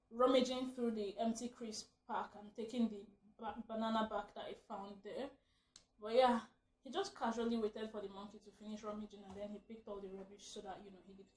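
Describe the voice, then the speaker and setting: A young woman tells a story to her camera in a loose, rambling way, laughing often as she goes. Her voice sits a little high for a woman. The room around her is echoey. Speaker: vlogger. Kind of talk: casual storytelling.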